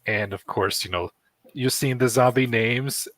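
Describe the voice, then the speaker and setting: A man who games and streams, talking in casual chat with a calm voice and an easygoing, somewhat halting manner. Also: medium pitch, no echo. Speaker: gamer and streamer.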